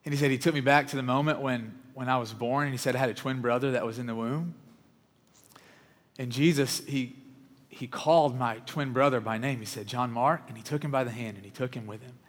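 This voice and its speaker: A male pastor preaches with earnest conviction, often dropping his voice low and quiet. His pitch sits in an ordinary middle range. The sound carries the long reverb of a large hall. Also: a little fast. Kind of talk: sermon with storytelling.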